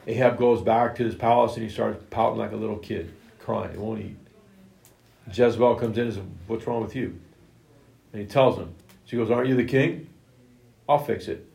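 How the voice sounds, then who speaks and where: Male preacher, gravelly voice, emphatic sermon delivery, roomy echo. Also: fairly low pitch, moderate pace, long pauses, darkish tone. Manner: emphatic, retells scripture in plain everyday words. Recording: echoey room.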